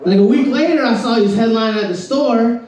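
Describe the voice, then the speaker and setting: Stand-up comic from Florida, Southern accent, very high male voice, loose rambling delivery, echoey room, distant mic. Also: fast, darkish tone. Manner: rambling, laid-back, keeps saying "bro". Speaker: stand-up comedian. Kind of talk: stand-up comedy set. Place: comedy club stage.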